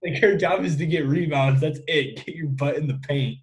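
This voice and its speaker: A young man co-hosting a sports podcast, telling self-mocking stories in a relaxed, chatty way. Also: fairly high pitch, normal speed, rough recording. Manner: easygoing, self-mocking, laughs through stories. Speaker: podcast co-host. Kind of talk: casual sports chat.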